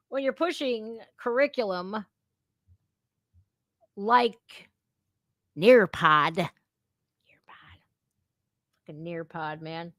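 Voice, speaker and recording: A woman's voice: on the high side, drawn-out words, long pauses, a bit bright, no echo, studio quality. Brash, sarcastic woman streamer. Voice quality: brash, blunt, swearing freely. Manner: sarcastic, mocking mimicry of opponents. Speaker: political reaction streamer. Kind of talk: casual profane reaction commentary.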